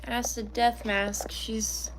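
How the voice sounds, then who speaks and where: A woman streams live from her home, talking slowly in a flat, fairly high voice against slight background noise. An artist with a slight slur, she rambles in a self-deprecating way and laughs a lot with her viewers.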